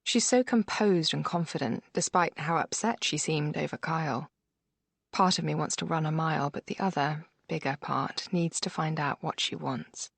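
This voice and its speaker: A woman reads a first-person thriller audiobook in a measured, steady way. Her voice sits fairly low. The recording is dry and close, with no room around it. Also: creaky, breathy edge, no echo. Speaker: audiobook narrator. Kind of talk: scripted first-person narration.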